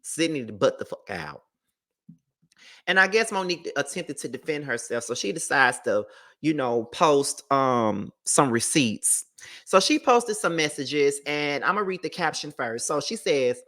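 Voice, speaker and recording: Blunt, profane low-voiced woman commentator. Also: sing-song, measured pace, fairly bright tone. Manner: blunt and profane, reads out text messages. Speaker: celebrity gossip commentator. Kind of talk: opinionated commentary.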